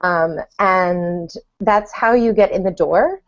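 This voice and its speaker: A woman's voice: on the low side, takes it slowly, lo-fi sound. A woman co-hosting a podcast, chatting casually with enthusiasm and laughing easily. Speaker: podcast co-host. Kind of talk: casual chat.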